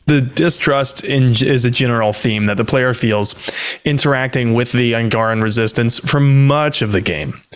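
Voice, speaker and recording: Thoughtful male lore co-host. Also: medium pitch. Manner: explanatory, thoughtful, modest. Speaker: podcast co-host, lore expert. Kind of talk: casual podcast chat.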